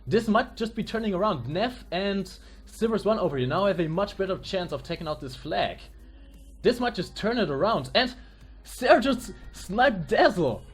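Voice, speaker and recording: A man commentating a live tank game match, analytical, breaking into excited exclamations. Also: high voice, normal speed, husky. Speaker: esports commentator. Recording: faint music behind.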